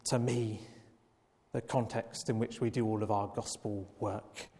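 A man preaching a Sunday evening sermon, slow and emphatic, with long pauses. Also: fairly low pitch, fairly even intonation, mellow. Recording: long reverb of a church hall.

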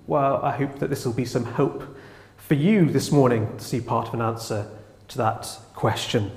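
A man's voice: medium pitch, normal speed, darkish tone. A man preaching a sermon, opening with light jokes before turning earnest and reflective. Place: church. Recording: echoey church hall, long reverb.

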